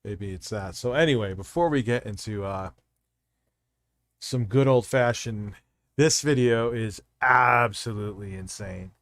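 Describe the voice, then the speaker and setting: A man's voice: lowish voice, measured pace, a bit bright, no room sound. A man hosting a live stream, chatting casually and rambling with heavy profanity as he talks straight to his chat.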